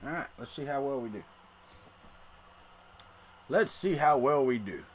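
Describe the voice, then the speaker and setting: A man's voice: mid-range voice, lively intonation, a little slow, a little hiss or hum. A middle-aged man, hosting a casual livestream and rambling to his chat while he tinkers. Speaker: livestream host.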